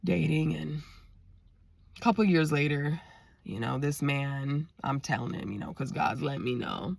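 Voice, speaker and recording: Animated woman telling a story, dry sound. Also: sits low, a little slow, gravelly, dry recording. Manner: animated, lively retelling with quoted dialogue; talks straight to viewers. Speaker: vlogger telling a personal story. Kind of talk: casual storytime.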